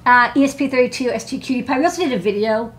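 A woman's voice: fairly high pitch, over a noisy crowd. A woman hosting a casual electronics show from her desk, chatty and rambling, a little phlegmy and stuffy. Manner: chatty, quick asides, many "like" and "um". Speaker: show host and electronics engineer. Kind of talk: casual chat and tech demo. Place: home desk indoors at night.

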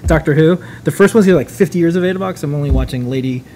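A man hosts a live stream in an easygoing, rambling way, his tone dark and mellow. His chat is informal. A faint hum of noise sits behind his voice. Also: on the high side, fast, low-quality recording. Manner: laid-back, rambling, informal. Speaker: host.

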